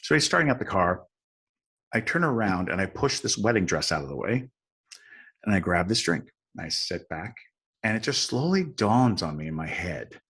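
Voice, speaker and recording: A man with a forceful, bright edge and a husky grain, pitched a little low. He tells his story in a lively, dramatic way and pokes fun at himself as a podcast guest. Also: moderate pace. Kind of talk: animated storytelling in a chat.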